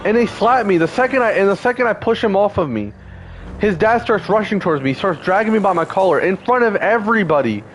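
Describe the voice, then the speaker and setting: A man's voice: sits high, lively intonation, fast talker, soft background music, poor audio. A man in his twenties telling a painful personal story, heated, profane and upset, close to tears. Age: 20s. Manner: heated, profane, repetitive fillers.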